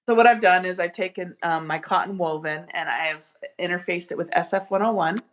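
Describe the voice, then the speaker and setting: A woman chatting while she sews, explaining her steps with excited giggles. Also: on the low side, fairly quick, roomy sound. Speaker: guest sewing along.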